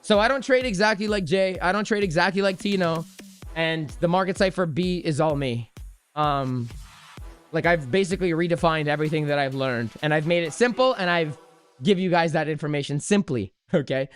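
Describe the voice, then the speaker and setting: A man with a fairly high, clear and resonant voice speaks at a moderate pace over soft background music. He's casually livestreaming about crypto trading, answering viewer questions in a loose, joking, self-deprecating style and often restarting his sentences.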